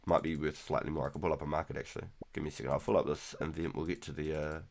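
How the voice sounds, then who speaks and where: A man in his thirties casually chatting through a live game stream, relaxed and rambling, with keyboard clicks behind him. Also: rumbling low, very fast, gravelly, slight background noise. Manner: relaxed, rambling, repeats words. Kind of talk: casual gameplay commentary.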